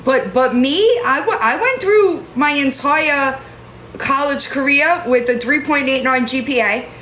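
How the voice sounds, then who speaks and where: Young woman rambling on a phone live, slow talker, echoey room at home. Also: a bit bright, a little hiss or hum. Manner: rambling, talks to her cat in a high baby voice. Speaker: livestreamer. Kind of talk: casual live-stream chat.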